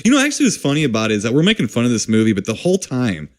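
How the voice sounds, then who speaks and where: A man's voice: mid-range voice, wildly swooping pitch, racing. A man co-hosts a casual podcast, riffing on old films with playful jokes and frequent laughs. His voice sits at a medium height and moves around a lot. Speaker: podcast co-host. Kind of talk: casual chat.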